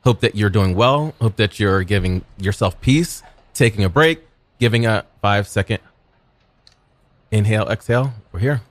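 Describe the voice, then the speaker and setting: Low-voiced man moderating a casual chat. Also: moderate pace. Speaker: guest moderator.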